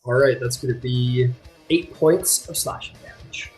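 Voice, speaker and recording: Man, game master, tabletop game narration, relaxed, rambling, faint music behind. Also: mid-range voice, measured pace. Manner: relaxed, rambling with many fillers.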